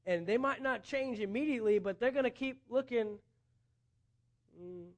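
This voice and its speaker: A man's voice: extremely high pitch, moderate pace. A man preaching a sermon as a pastor, earnest, with rising emphasis, quoting imagined dialogue.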